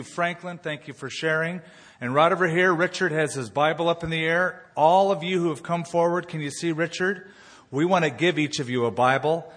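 A man's voice: a little high, a bit bright. A man pastor giving upbeat closing remarks and directing the crowd at a service. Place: large arena. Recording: distant voice in a big reverberant hall with crowd noise.

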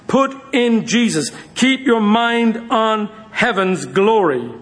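A male pastor preaches to his congregation. His voice sits high for a man, and his delivery is lively, racing through asides and then slowing to a crawl to hammer home a point. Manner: lively preaching, shifting between quick asides and slow emphasis. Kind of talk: sermon.

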